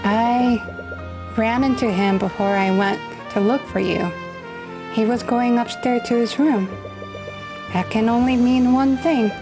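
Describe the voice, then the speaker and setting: A woman reading the lines of a calm male attorney in a game in her own slow, steady voice. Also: fairly high pitch, over music. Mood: earnest.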